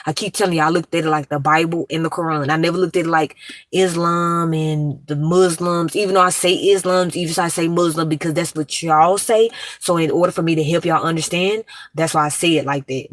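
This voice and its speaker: A woman live-streaming from her car, talking fast and bluntly in slangy casual chat. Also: lowish voice, dry recording. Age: adult, grown.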